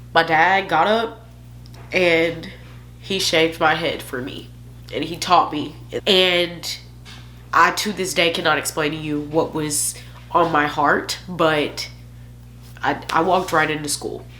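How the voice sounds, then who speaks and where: A woman's voice: sits low, a bit bright, a little hiss or hum. A young woman vlogger telling a candid, emotional personal story, joking at her own expense.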